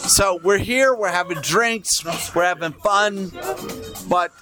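A man's voice: sits high, slow. Boisterous Southern American man. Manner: boisterous and profane. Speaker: podcast host. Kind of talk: casual chat. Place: hotel bar with friends. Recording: music in background.

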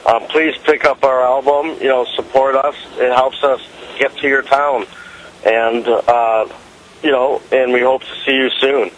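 A man's voice: mid-range voice, level tone, measured pace, a little hiss or hum, poor audio. A man, a band member guest on a radio show, chatting in a friendly, upbeat way. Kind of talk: casual interview chat.

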